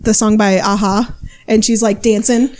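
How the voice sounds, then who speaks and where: A woman's voice: medium pitch, flat delivery, moderate pace, a little mellow. A young woman co-hosting a casual podcast chat, laughing often and quoting clips in funny voices. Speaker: podcast co-host.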